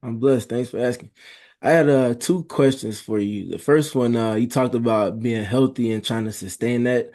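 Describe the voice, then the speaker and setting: Man sports reporter at a presser, warm and mellow, friendly and casual. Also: mid-range voice, moderate pace. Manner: friendly, casual, hesitant fillers. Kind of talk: press conference question.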